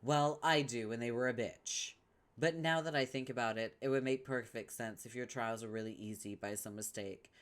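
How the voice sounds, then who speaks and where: A cruel, scheming young troll girl, as a man puts her on for a comic read-along. She talks down and scolds without pause, every line a jab. The voice sits at an ordinary middle pitch. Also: fairly bright tone, natural voice. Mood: bossy. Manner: sneering, scolding, domineering.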